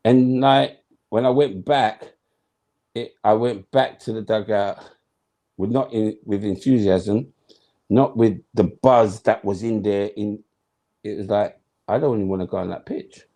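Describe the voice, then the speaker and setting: A man's voice: fairly low pitch, fairly even intonation, measured pace, warm tone. A man, a former footballer telling stories as an interview guest, emphatic and slangy, acting out his own thoughts. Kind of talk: animated storytelling in conversation.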